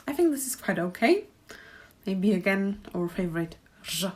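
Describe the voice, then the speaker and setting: A woman's voice: mid-range voice, very animated, a little slow, a little mellow, husky. A woman teaching a pronunciation lesson, speaking carefully and repeating each phrase so learners can practice. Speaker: Czech language teacher.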